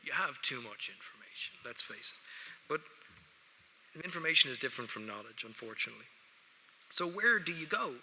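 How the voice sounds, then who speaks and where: A man's voice: mid-range voice, sing-song, a little fast, pauses often, bright, forceful tone, a little hiss or hum. An Irish man giving a joking, wry speech to students at an award ceremony, talking straight to the audience from a lectern. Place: large ceremony hall. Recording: echoey large hall.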